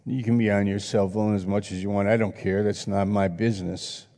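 A man's voice: on the low side, steady tone, fairly quick, dark tone. A male pastor preaching a sermon, earnest and reflective, reading scripture aloud in a church hall. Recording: long reverb in a hall.

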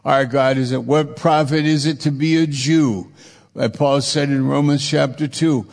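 A man's voice: mid-range voice, steady tone, measured pace, creaky, long reverb tail. A man preaching a sermon, with repetitive, emphatic phrasing.

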